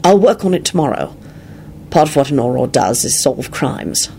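A woman reading the lines of a weary, protective middle-aged male wizard, speaking low and often half-whispered. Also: lively intonation, normal speed, creaky, dark tone, a little hiss or hum, full character voice.

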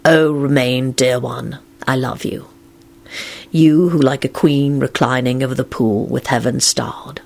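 A woman reading aloud and voicing a moody adult man who complains sarcastically and recites poetry softly. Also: a bass voice, fairly even intonation, measured pace, vocal fry, voice pushed down, exaggerated voice. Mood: tender. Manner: sarcastic grumbling, then soft tender recitation. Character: wry, moody adult male werewolf.

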